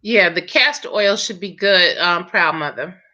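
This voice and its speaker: This hairstylist's lowish voice moves a little slowly yet sounds bright and forceful. She's hosting a relaxed live chat, laughing and speaking right to her audience, and the stream's sound is dull and lo-fi.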